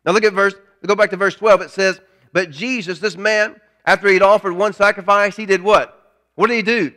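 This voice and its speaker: A man's voice: high-pitched, steady tone, normal speed, pushed and bright. A male pastor preaching a sermon, emphatic, repeating key lines and asking rhetorical questions.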